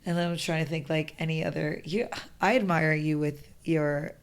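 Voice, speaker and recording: A woman's voice: low voice, steady tone, normal speed. A woman podcast guest in casual conversation, talking earnestly and using lots of "like" fillers. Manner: talkative, many "like" fillers, earnest. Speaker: podcast guest, real estate entrepreneur.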